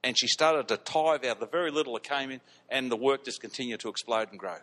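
A man preaching a storytelling sermon in a church, animated and repeating lines for emphasis. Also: medium pitch, fast. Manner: animated, repeats lines for emphasis, laughs at his own stories. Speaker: pastor. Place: church hall. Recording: long reverb of a church hall.

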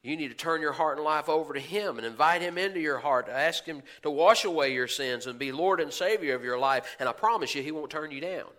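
A man's voice: a little high, a little fast, few pauses, a bit bright. A male pastor preaching a sermon in a folksy way, asking the congregation questions and acting out the voices of churchgoers. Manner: acts out quoted voices of churchgoers.

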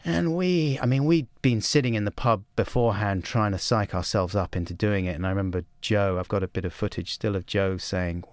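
A man's voice: fairly low pitch, brisk, hardly any pauses, dry recording. A man hosting a podcast, telling stories in a casual chat and acting out the quotes. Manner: animated storyteller, acts out quotes. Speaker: podcast host. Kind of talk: casual conversation.

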